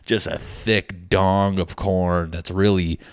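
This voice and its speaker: A man's voice: low voice, flat delivery, slow, dry recording. A man hosting a solo comedy podcast, rambling and joking crudely with many restarts. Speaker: podcast host.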